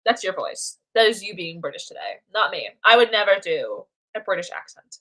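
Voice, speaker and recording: A woman's voice: mid-range voice, animated, moderate pace, hardly any pauses, pushed and bright. A young woman chatting casually while drawing on a live stream, playfully talking to herself and to chat.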